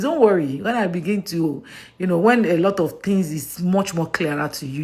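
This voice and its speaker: A woman's voice: fairly low pitch, normal speed, a little mellow. A Nigerian woman talking straight to her viewers in a vlog, emphatic and affectionate, often repeating herself. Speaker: actress vlogger. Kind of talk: direct-to-camera vlog monologue.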